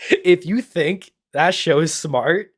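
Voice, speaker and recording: A young man giving casual reaction commentary as an anime YouTuber, blunt and profane, rambling with lots of fillers. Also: mid-range voice.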